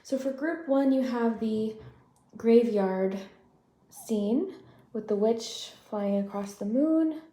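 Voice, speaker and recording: Chatty tarot-reading woman, slightly high. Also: warm tone. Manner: chatty, reflective, frequent "like" and "I feel like". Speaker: tarot reader. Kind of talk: pick-a-card tarot reading.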